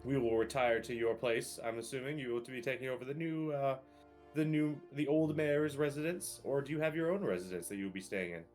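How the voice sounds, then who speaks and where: A man's voice: medium pitch, a little fast, darkish tone, faint music behind, pitched above the performer's own voice, natural voice. A man voicing a fussy male official of the Crown who talks formally but stammers. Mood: pompous. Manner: hesitant, stammering formal speech.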